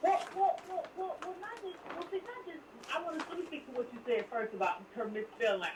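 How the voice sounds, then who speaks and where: A woman's voice: high-pitched, quick pace, hardly any pauses, echoey room, distant mic, noisy background. An emphatic woman from the American South with a Southern accent, repeating words as she builds her point in a heated discussion.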